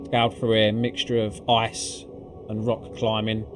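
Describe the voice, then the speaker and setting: Sweary, excitable man. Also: fairly low pitch, unhurried. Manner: excitable and profane, swearing freely with lots of fillers. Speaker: gaming video creator. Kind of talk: casual gameplay recap commentary. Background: background music.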